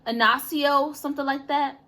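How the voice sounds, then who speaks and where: High-voiced young woman, lively storyteller. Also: normal speed. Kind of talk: casual storytelling chat.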